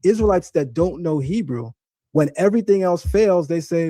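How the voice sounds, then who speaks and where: A man teaching on a live stream, emphatic and insistent, pressing his points again and again. His voice sits a little high for a man yet sounds mellow, and the recording is dry and close. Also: lively intonation, moderate pace, no room sound. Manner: emphatic, insistent, repeats points to drive them home.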